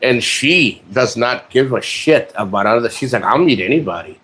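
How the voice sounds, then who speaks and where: A man's voice: mid-range voice, expressive, normal speed, a bit bright, a little hiss or hum. A man vlogging from a rented room, joking crudely and rambling with lots of restarts. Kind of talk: casual chat to camera.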